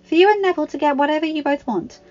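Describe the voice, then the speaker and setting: Woman putting on a squeaky fussy know-it-all teen girl, loud and bossy, kinda dull recording. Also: faint music behind, lightly acted. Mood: eager. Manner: brisk, eager, fussy. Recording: slightly dull home recording.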